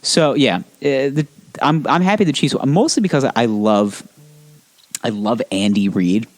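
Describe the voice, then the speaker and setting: A man's voice: medium pitch, animated, measured pace. A man co-hosting a podcast in casual chat, rambling, laughing and swearing as he goes. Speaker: podcast co-host.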